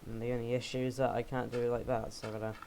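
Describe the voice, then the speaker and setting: A man's voice: mid-range voice, level tone, racing, gravelly, a little mellow, rough recording. Give me a young man narrating his gameplay casually, rambling and joking at his own expense, over a faint hiss. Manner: rambling, jokey, self-mocking asides. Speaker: game let's player.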